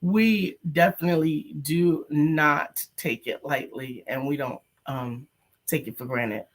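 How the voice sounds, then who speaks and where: A woman's voice: low-pitched, slow. A woman co-hosting a motivational show in a casual, upbeat way, often teasing and laughing. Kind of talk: casual chat.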